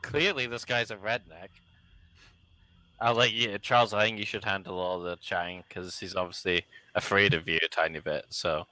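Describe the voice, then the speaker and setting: Man, player, casual game chat, lowish voice, dry close sound. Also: steady tone, normal speed, bright, forceful tone, no echo, rough recording.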